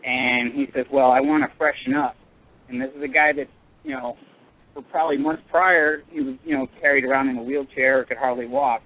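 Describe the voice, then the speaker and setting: Halting male caller over a tinny phone line. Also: medium pitch. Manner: halting, earnest, full of pauses and restarts. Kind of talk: telling a personal story on a radio call-in.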